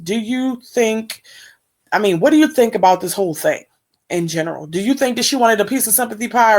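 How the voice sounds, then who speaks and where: A woman hosting a reaction video, giving casual, emphatic commentary and putting questions to her viewers. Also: on the low side.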